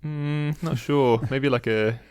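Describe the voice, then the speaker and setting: A man's voice: medium pitch, fairly even intonation, slow pace, a little mellow, clear, resonant tone, no echo. Young guy doing quiz questions on a podcast, giggly and teasing, dry close sound. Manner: chatty, giggly, teasing quizmaster. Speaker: podcast co-host running a quiz. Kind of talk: casual podcast quiz chat.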